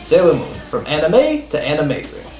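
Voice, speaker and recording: Sarcastic, animated male comedic critic. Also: on the high side. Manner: sarcastic, animated, quick comic asides. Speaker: host and critic. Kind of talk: comedic countdown review. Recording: roomy studio with faint music.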